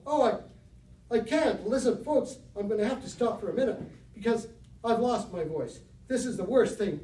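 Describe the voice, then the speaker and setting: A man's voice: very high voice, dark tone, voice pushed up. A man performing a horrified 1930s radio reporter who stammers and chokes up while describing a disaster. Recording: roomy hall from far off.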